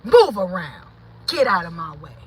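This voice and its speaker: A woman hosting her own channel, talking to viewers in an impassioned, preachy way that swings from shouting to low, muttered asides. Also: very animated, normal speed, slightly rough, low-quality recording. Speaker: channel host. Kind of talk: impassioned livestream talk.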